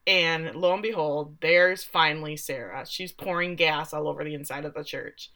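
A woman's voice: fairly low pitch, moderate pace, pushed and bright. A woman casually recapping a story on a podcast, acting out the characters' lines as she goes. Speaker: podcast co-host recapping a show. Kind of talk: casual chat.

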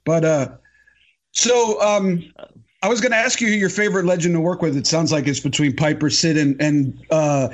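A man's voice: a little high, normal speed. A man hosting a casual interview, asking loose, rambling questions full of ums and uhs. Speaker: podcast host, interviewer.

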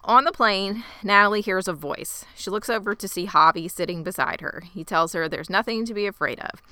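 A woman co-hosting a casual podcast, retelling a TV episode scene by scene with lively asides. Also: mid-range voice, fairly quick, dry recording. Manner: animated storyteller, quotes characters in lively asides. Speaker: podcast co-host. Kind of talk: casual TV recap chat.

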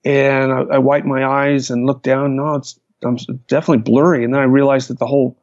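A man, a hang glider pilot, recounting his flights in a lively storytelling manner. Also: medium pitch, brisk, dry recording. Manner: animated, vivid retelling with restarts. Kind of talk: storytelling in a conversation. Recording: dull, lo-fi, dry sound.

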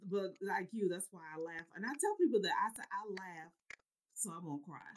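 A woman's voice: fairly low pitch, a little fast, a little hiss or hum. A woman host in a casual chat, telling stories with animation and laughing often.

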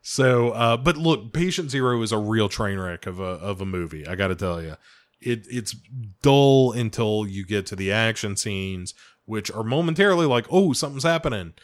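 Guy doing a chatty movie review, kinda low voice, rambly and jokey with lots of ums. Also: lively intonation, normal speed. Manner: rambling, jokey, hesitant with many fillers. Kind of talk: casual spoken movie review.

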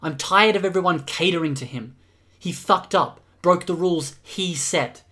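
A man's voice: high voice, moderate pace, bright, forceful tone, pitched above the performer's own voice. A man reading aloud and voicing a weary young woman who pleads with others in a storybook reading. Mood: fed up.

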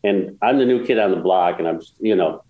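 Man, deep voice, rambling and emotional, interview guest, echoey room. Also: fairly quick, narrow, tinny audio. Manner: rambling, many restarts, emotional. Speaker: guest, golf course builder. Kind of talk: casual storytelling interview.

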